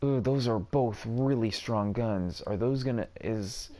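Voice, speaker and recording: A man's voice: fairly low pitch, a little slow, warm tone. A man casually commenting while playing a video game, chatty and self-deprecating, with mild exclamations. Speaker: gaming video host. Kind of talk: casual let's-play commentary.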